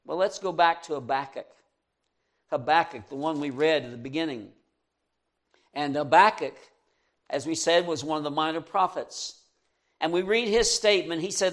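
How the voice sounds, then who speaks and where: A man preaching a sermon, earnest and direct, asking his listeners questions and swinging from loud emphasis to quiet asides. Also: fairly high pitch, moderate pace, long pauses.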